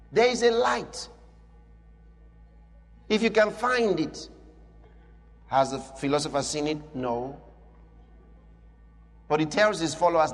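Preacher man, lively, hall reverb. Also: high voice. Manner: dramatic, swings between hushed and shouted; reads scripture aloud to a congregation. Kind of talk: sermon.

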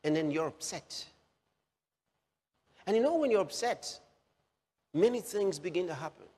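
A man preaching a sermon, slowly repeating key phrases for emphasis. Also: high voice, animated, dark tone, husky. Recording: long hall reverb.

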